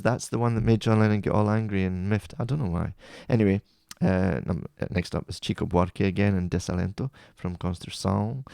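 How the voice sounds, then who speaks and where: Gravelly deep-voiced man chatting. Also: steady tone, fairly quick, a little mellow, no room sound, studio quality. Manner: chatty, rambling, self-correcting. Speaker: music playlist host. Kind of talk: casual chat about music.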